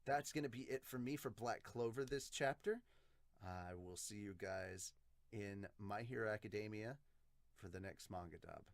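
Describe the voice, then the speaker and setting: A man's voice: on the low side, moderate pace, creaky, no room sound. A man hosting an anime podcast, casually reading out viewer comments and chatting, swearing and laughing easily.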